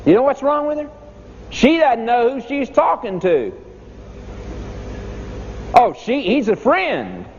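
A man's voice: very high-pitched, very animated, slow, long pauses. A man preaching a sermon, emphatic, with dramatic rises and falls in his voice. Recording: echoey hall, dull lo-fi sound, faint noise.

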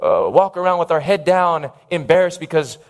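A male preacher delivers a sermon in a high voice. He speaks emphatically and stops often to call out for an amen from his listeners. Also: animated, moderate pace. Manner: emphatic, calls for audience amens.

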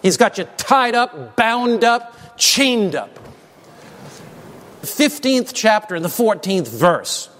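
High-voiced preacher in a reverberant hall. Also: male voice, big pitch swings, slow pace, fairly bright tone. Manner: emphatic, prompts congregation to answer. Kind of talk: sermon with call-and-response. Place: church sanctuary.

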